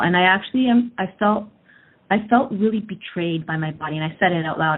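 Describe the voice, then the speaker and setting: A woman's voice: fairly low pitch, lively intonation, a little fast. A woman in her thirties telling a personal story in a candid, casual way with lots of fillers. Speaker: energy work practitioner. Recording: tinny phone-like audio.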